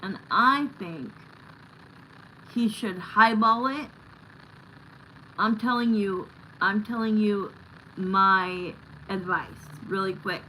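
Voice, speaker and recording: Slow-talking, bright-voiced woman streamer. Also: medium pitch, a little hiss or hum, low-quality recording. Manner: blunt, chatty, swears casually. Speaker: tarot reader hosting a live stream. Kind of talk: casual live-stream chat.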